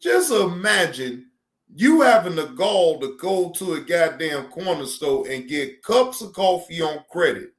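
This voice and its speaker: A man streaming, riffing in a loose, profane rant with a ring. His voice sits a little high, and he circles back over the same lines for emphasis. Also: measured pace. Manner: animated, profane, repeats himself for emphasis. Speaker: streamer reacting to news.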